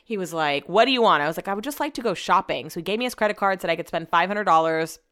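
A young woman talks in a loose, chatty rant. Her pitch leaps up and drops low as she gets worked up. She swears freely and tells stories at a quick clip. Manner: animated, ranting, swears freely. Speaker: podcast host. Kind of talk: casual chat.

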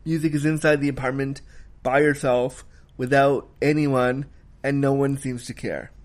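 A man's voice: mid-range voice, steady tone, normal speed. A man giving a casual spoken film review, emphatic and heated, swearing freely as he rants.

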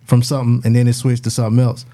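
A man talks fast in a warm, dark tone, telling stories in casual chat. He keeps checking in with "you know what I'm saying" as he goes. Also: medium pitch, completely flat delivery. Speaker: podcast co-host.

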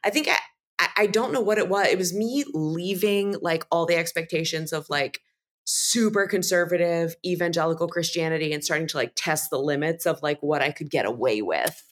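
Woman kinda low voice, stumbling thru a story on a comedy podcast, lots of restarts. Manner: halting, hesitant storytelling with restarts. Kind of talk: casual improv chat.

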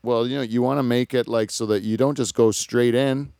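A man's voice: medium pitch, fairly even intonation, a little fast, vocal fry, a little mellow, clear, resonant tone, dry recording, clean studio sound. Rambling, crude man telling a story. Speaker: podcast host. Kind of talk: casual comedic chat.

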